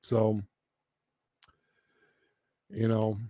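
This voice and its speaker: A man's voice: on the low side, monotone, extremely slow, mellow, dry recording. A man hosting a casual chat, rambling with lots of fillers and teasing his dog in a playful sing-song voice. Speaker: livestream host.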